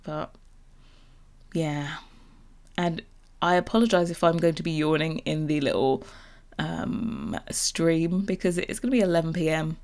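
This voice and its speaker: A young woman chatting casually over a game build, bubbly and rambling as she gets excited about new content. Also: deep voice, unhurried, pauses often. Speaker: Sims builder and YouTuber.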